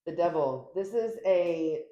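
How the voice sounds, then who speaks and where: Filming herself at home, a woman does a casual tarot reading to the camera, chatty and emphatic, acting out quoted lines with big leaps in pitch. Her voice is animated and dark-toned at a measured pace, with muffled audio in an echoey room.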